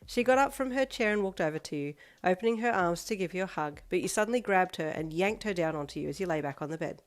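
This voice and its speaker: A woman reading a second-person fanfiction story aloud in a steady, even manner. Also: fairly low pitch, fast talker, hardly any pauses. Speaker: fanfiction reader. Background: faint backing music.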